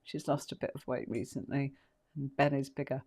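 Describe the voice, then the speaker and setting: A woman's voice: very deep voice, fairly even intonation, normal speed, dark tone, husky. Woman hosting a casual tarot tutorial live, rambling and chatty, filler-heavy. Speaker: tarot teacher.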